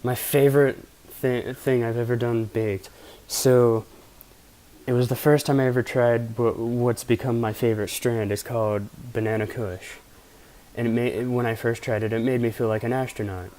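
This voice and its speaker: A man's voice: medium pitch, fairly even intonation, normal speed, dark tone. A young man from Pennsylvania casually telling rambling, profane stories as a vlogger. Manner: rambling, profane, laid-back anecdotes. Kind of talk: casual storytelling.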